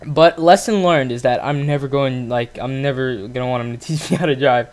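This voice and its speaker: A man's voice: mid-range voice, a little fast. A teenage boy hosting his own channel, telling a story in a casual, profane rant full of fillers. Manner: profane, ranting, lots of fillers. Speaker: gaming channel host.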